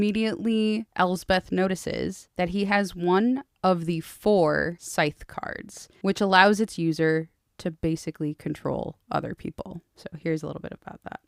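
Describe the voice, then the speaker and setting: A woman co-hosting a casual book-club podcast, sarcastic and animated, swearing freely. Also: fairly low pitch, measured pace, creaky, hardly any pauses, dry recording, clean studio sound. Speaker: podcast co-host.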